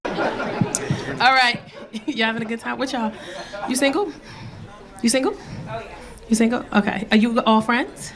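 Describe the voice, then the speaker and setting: A woman's voice: fairly high pitch, a little slow, long pauses, a crowd in the background. A woman comedian telling a brash, profane story on stage, acting out every part. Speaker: stand-up comedian. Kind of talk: stand-up storytelling. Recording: live club with audience laughter. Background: audience laughing.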